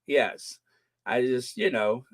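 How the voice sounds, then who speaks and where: Casting: middle-aged American male host, slow unhurried delivery, chatty and rambling, fond of joking asides. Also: medium pitch. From United States. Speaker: host of a royal news channel. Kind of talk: casual commentary.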